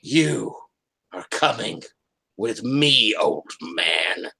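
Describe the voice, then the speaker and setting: A man voicing a freed female spirit, talking in a lilting voice a little higher than his own. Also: animated, extremely slow, vocal fry, sharp tone, husky, heavily acted. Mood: menacing.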